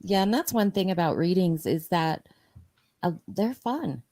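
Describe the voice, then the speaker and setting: A woman with a fairly low voice, talking as co-host in a casual chat. She tells stories about her sessions at a relaxed, conversational pace. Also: a little slow. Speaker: host and medium.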